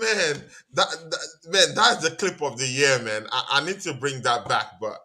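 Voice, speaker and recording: A man's voice: mid-range voice, animated, a little slow, hardly any pauses, bright, forceful tone. A man hosting a live watch-along stream, chatting casually and teasing his guests with lots of laughter. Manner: laughs a lot, teasing banter.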